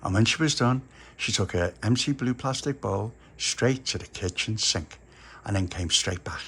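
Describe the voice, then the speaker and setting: A man's voice: lowish voice, moderate pace, fairly bright tone, slight background noise. A man narrating a homely children's story in a chatty way.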